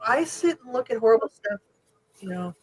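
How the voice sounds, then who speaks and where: A woman co-hosting a podcast, telling stories in a casual chat, openly emotional and animated, acting out what others said. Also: fairly high pitch, moderate pace, low-quality recording. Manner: emotional, animated storytelling with quoted voices. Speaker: podcast co-host.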